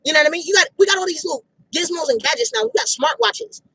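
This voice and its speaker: Animated woman giving emphatic fitness pep talk. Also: very high voice, rapid-fire, vocal fry, dry recording, poor audio. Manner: emphatic, repetitive, direct, street slang. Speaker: fitness motivator. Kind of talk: casual motivational talk. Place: outdoors.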